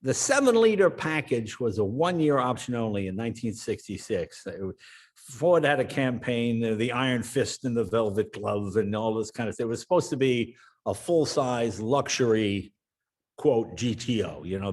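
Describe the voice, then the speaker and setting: Older American man, animated storyteller, wide pitch swings, shouts out the lines of his characters. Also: normal speed. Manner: acts out family members in raised, shouting voices. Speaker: guest.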